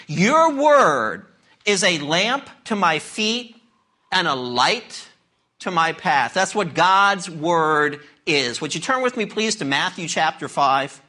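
A man's voice: sits high, bright, forceful tone. A man preaching a sermon, emphatic and questioning the congregation directly. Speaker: pastor.

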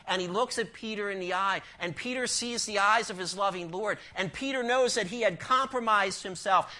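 A man's voice: high-pitched, sharp tone. A man preaching a sermon, emphatic, asking the congregation rhetorical questions and telling a story.

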